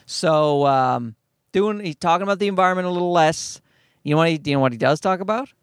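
A man's voice: on the high side, a little fast, clear, resonant tone, no room sound, clean studio sound. A man hosting a podcast, rambling through a profane comedic monologue with bursts of mocking put-on voices. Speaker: podcast host.

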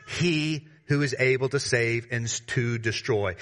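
A man preaching a sermon to his congregation, emphatic, with sudden rises in pitch and volume and casual slangy asides. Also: a little slow, few pauses, fairly bright tone. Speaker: pastor.

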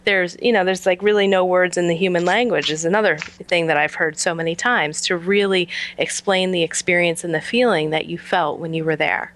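A woman's voice: fairly low pitch, fairly even intonation, a little fast, few pauses, fairly bright tone. A woman hosting a casual interview, responding in an affirming, reflective way.

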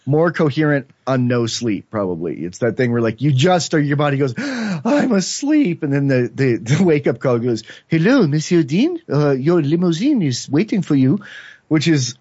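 Man, rambling animated storyteller, casual chat, dull lo-fi sound, dry. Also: medium pitch, dry recording. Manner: rambling, animated, acts out quotes. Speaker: podcast guest, filmmaker.

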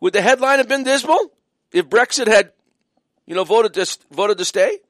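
Male radio host, high and lively voice, emphatic and mocking, dry studio sound. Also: moderate pace, no room sound. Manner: emphatic, mocking, many fillers. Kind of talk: opinionated radio monologue.

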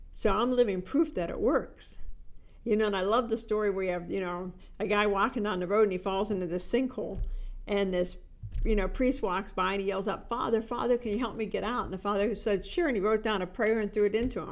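A middle-aged woman, a life coach, giving an energetic motivational talk and acting out the voices in her stories. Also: medium pitch. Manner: energetic, animated storytelling with quoted inner voices.

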